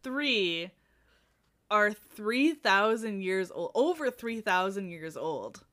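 A woman co-hosting a podcast in casual chat, talking in an animated way with frequent laughter. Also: mid-range voice, slow. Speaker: podcast co-host.

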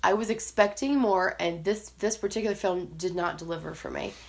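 A woman co-hosting a podcast, chatting in a casual, animated way and laughing often between thoughts. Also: mid-range voice, brisk. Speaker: podcast co-host.

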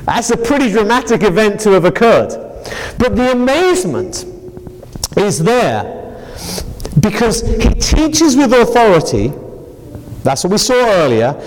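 A man preaching a sermon as pastor, animated and acting out scenes. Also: high-pitched, in a large hall, low-quality recording. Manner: animated, acts out scenes with laughter.

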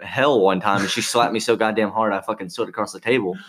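Young guy, low voice, rambling cussing stories between friends, laughs a lot. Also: fairly even intonation, fast, fairly bright tone. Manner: rambling, profane storytelling with frequent laughs. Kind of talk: casual chat.

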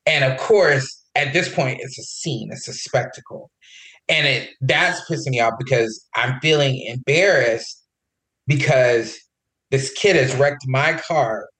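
On a podcast, a co-host with a mid-range voice tells a personal story in casual chat, speaking a little slowly and animatedly while quoting the people involved. The recording is reverberant and low in quality.

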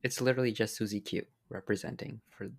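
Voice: mid-range voice, steady tone, quick pace. A co-host in casual chat, blunt and teasing, with a sarcastic edge.

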